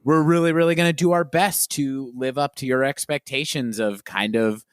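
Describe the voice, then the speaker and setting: A man co-hosting a podcast, introducing the new season in an earnest, lively way. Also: medium pitch, moderate pace, smooth, no echo, studio quality. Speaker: podcast co-host. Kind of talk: casual podcast chat.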